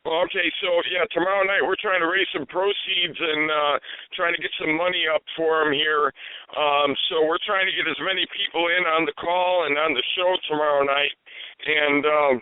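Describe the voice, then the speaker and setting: A man's voice: on the high side, steady tone, normal speed, clear, resonant tone, no room sound. Earnest man announcing a fundraiser. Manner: hesitant, filler-heavy, earnest. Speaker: host. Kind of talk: radio show announcement. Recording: dry phone-line quality.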